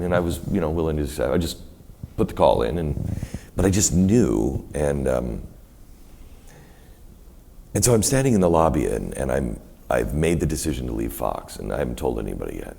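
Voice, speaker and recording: A very deep, gravelly male voice carries a rambling onstage story, his pitch swinging widely as he acts out what others said. He sounds middle-aged, speaking at a university event before an audience. A faint hiss sits beneath the room sound. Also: normal speed. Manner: animated, rambling storyteller who quotes others in many voices. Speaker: guest. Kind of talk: storytelling in a live onstage conversation.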